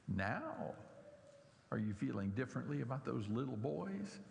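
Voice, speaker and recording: A man's voice: mid-range voice, big pitch swings, normal speed, gravelly, a little mellow, in a large hall. A middle-aged man preaching a sermon in a church, animatedly mocking the scoffers in his story.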